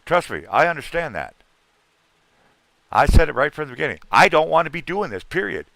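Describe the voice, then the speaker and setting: A man's voice: a little high, big pitch swings, a little fast, creaky, sharp tone, no room sound. A middle-aged man hosting a casual livestream chat, talking in a rambling, earnest way and repeating himself. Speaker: livestream host.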